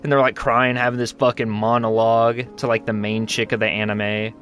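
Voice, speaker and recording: A man's voice: mid-range voice, level tone, a little fast, a bit bright. A young man casually commenting while playing a game, rambling, slangy and joking. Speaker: gaming channel host. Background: game music.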